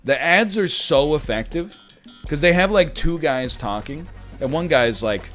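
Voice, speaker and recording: A man in his thirties giving casual gameplay commentary, chatty and prone to sudden excited yelling. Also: mid-range voice, moderate pace, faint music behind. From Canada. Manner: animated, jumps from chatty riffing to excited yelling at the game. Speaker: gaming commentator.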